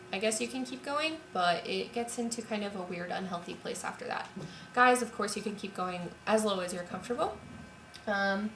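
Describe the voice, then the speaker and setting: A young woman voice teacher calmly explaining and demonstrating a vocal warm-up at home. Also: mid-range voice, slight background noise. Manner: calm, explanatory, sings scale demos. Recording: roomy echo, voice from a distance, piano. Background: piano.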